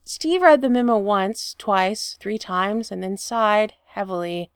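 A woman reading a fan fiction story aloud with expressive storytelling. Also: mid-range voice, slow, smooth, no echo, clean studio sound. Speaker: reader.

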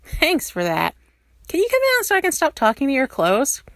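A woman's voice: high voice, very animated, dry recording, clean studio sound, voice pushed up. A woman doing a mouthy, flustered young man. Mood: flustered sarcastic. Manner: quick, sarcastic, flustered. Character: mouthy excitable young man, talks nonstop.

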